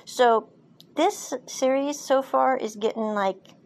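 A woman's voice: high-pitched, takes it slowly, darkish tone. Chatty woman podcast host. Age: adult, parent. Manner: chatty, laughs often, frequent asides. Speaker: podcast host reviewing a drama series. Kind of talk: casual recap and review.

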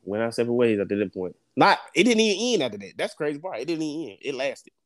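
A man's voice: mid-range voice, rapid-fire, no echo, studio quality. A young man tells a story in casual podcast chat, swearing and laughing often. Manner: animated, profane, laughs often. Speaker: podcast co-host.

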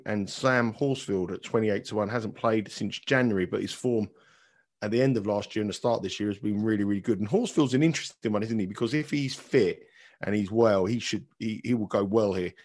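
A man hosting a casual betting chat, inquisitive and quick with follow-up questions. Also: fairly low pitch. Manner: inquisitive, chatty, quick to ask follow-ups. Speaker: podcast host.

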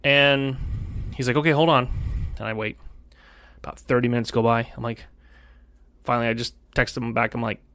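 A man hosting a casual podcast, telling a long story in an animated, rambling way with many self-corrections. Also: mid-range voice, moderate pace, long pauses, dry recording. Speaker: podcast host.

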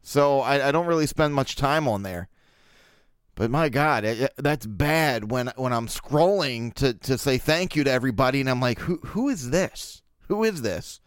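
His voice is smooth and medium-pitched at a normal speed, captured in clean studio sound with no room sound. He's a thirtysomething Baltimore native hosting a casual solo podcast, rambling and cracking crude jokes full of fillers.

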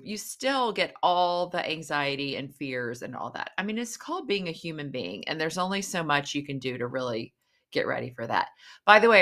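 A woman's voice: sits low, a bit bright. A middle-aged woman, chatting casually and candidly to camera, rambling and poking fun at herself. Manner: rambling, candid, self-mocking storyteller. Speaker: vlogger. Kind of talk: casual chat.

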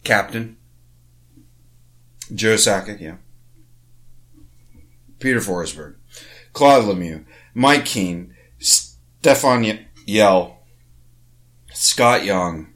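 A man's voice: lowish voice, animated, extremely slow, pauses often, fairly bright tone. A man co-hosting a casual sports podcast, rambling and swearing as he reads names off a list. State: has the hiccups. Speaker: podcast co-host.

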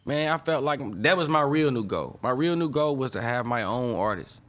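A young man who produces music, speaking in a loose, heartfelt, slang-heavy flow during an interview. His voice sits at an ordinary middle pitch, and he circles back on himself with repeated fillers as he works through his thoughts. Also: animated, moderate pace, a bit bright. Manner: rambling, emotional, peppers speech with slang fillers. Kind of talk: casual interview talk.

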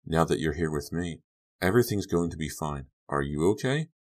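A deep-voiced man reading a soft, sweetly creepy teen girl. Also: expressive, brisk. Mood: coaxing. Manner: soft, coaxing delivery. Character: eerie soft-spoken teenage girl, sweetly menacing. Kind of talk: audiobook reading.

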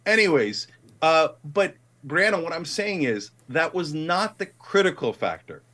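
A man's voice: a little high, big pitch swings, measured pace, bright, forceful tone. A middle-aged man in a heated political debate, emphatic and passionate, rising to indignant outbursts. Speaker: guest commentator.

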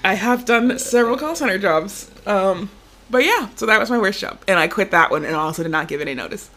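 Woman, young adult, podcast co-host, casual chat, animated storyteller. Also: medium pitch, brisk. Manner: animated storyteller, acts out quoted voices.

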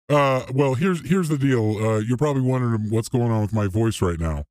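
A podcast co-host voicing himself through a pitch-lowering sound shifter as a deep radio announcer, in slow, exaggerated sultry tones. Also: male voice, animated, darkish tone, no room sound. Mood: playful. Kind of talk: podcast banter.

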